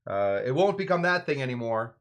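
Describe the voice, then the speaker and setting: A man's voice: medium pitch, big pitch swings, a little fast. Rambling, joking man hosting a drink show. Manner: rambling and digressive, with many fillers and asides; jokey, answers his own questions. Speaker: host of a live cocktail-making show. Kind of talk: casual live drink-making demonstration.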